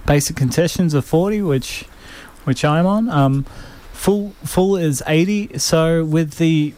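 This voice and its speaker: A man's voice: a little high, slow pace, a little mellow. Laid-back man radio presenter. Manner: rambling, laid-back, repeats words. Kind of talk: casual on-air radio chat. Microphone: studio broadcast mic.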